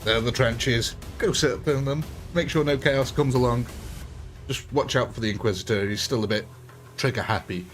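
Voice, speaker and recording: A man chats easily as he hosts a live gameplay stream, talking straight to his viewers and breaking into laughs. His voice sits at an ordinary middle pitch, and game music plays clearly behind him. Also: normal speed. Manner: chatty, laughs often, talks to chat. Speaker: livestream game host. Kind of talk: casual live gameplay chat.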